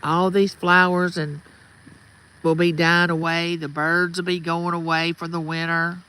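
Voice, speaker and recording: On a rough recording, a middle-aged woman with a Southern accent chats on a livestream from outside her Mississippi home, greeting viewers by name. Her fairly low voice barely moves in pitch and runs a little slow, with a bright, forceful, clear and resonant tone.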